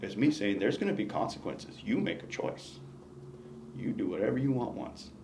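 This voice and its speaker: A gravelly man with a low voice talks in an exit interview. He reflects on his time as a battalion chief, stressing his points with emphasis and frequent restarts. The room sounds echoey, with faint noise behind. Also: expressive, normal speed. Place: indoor meeting room.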